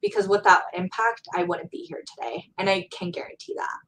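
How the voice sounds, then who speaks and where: A woman's voice: medium pitch, big pitch swings, fairly quick, gravelly, a bit bright, poor audio. A young woman, a college student in her Gen Z years, talking earnestly and heartfelt as an interview guest about motivating students. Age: young adult. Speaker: guest speaker. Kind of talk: casual interview chat.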